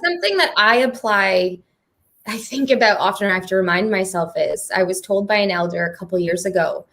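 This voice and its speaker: A woman's voice: mid-range voice, expressive, a little fast, fairly bright tone. A woman moderating a live panel conversation on stage. She speaks in an earnest, heartfelt way and laughs often. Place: performing arts centre stage.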